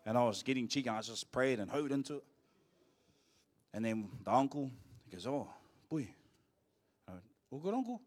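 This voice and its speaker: A male pastor with a New Zealand accent, preaching a sermon in a church and telling cheeky, joking stories, acting out quotes in a louder voice. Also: mid-range voice, normal speed. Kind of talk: sermon with storytelling.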